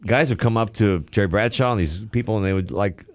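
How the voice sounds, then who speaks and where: A man's voice: lowish voice, quick pace. A man hosting a radio talk show in casual, joking chat, often talking over his guests.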